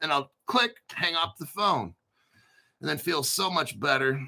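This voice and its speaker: A man's voice: fairly high pitch, expressive, normal speed, gravelly, pushed and bright. A man hosting a crypto channel, talking casually off the cuff in a blunt, boastful way full of swearing. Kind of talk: casual unscripted livestream talk.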